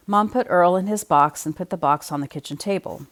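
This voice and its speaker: Low-voiced woman reading a children's story. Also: fairly quick, hardly any pauses. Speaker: storybook reader. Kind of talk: reading a children's picture book aloud.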